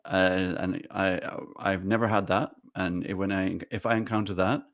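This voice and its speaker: A man co-hosting a podcast, giving relaxed advice to leaders in casual conversation. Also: sits low, normal speed. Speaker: podcast co-host.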